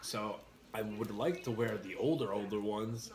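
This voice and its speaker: A man hosting a casual livestream, chatting with viewers and telling animated stories. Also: on the low side, moderate pace. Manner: animated storyteller, acts out quotes loudly. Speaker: livestream host. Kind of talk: casual chat reading viewer comments.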